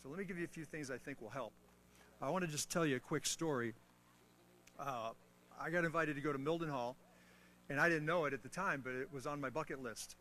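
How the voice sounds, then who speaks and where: A guest speaker on mentoring gives a motivational talk to a military audience, telling animated stories full of playful, self-mocking asides and teasing humor. He speaks a little fast in a slightly high voice, with a little hiss or hum in the audio.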